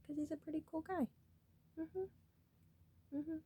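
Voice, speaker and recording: A woman's voice: high-pitched, expressive, measured pace, long pauses, warm tone. A woman talking casually to her viewers in a rambling, earnest way, cursing freely as she shares spiritual thoughts. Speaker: vlogger.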